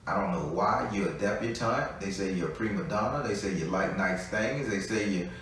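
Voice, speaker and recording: During a live tarot reading, a man speaks at a moderate pace in a low, fairly bright voice, blunt, talkative and heavily profane. He's distant from the mic in an echoey room, with a touch of hiss or hum.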